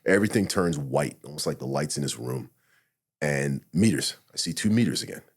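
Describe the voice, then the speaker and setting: Husky, fast-talking profane man. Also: rumbling low. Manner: profane, animated, retells his own thoughts as quotes. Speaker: podcast guest, retired SWAT officer. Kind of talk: candid storytelling in a podcast interview.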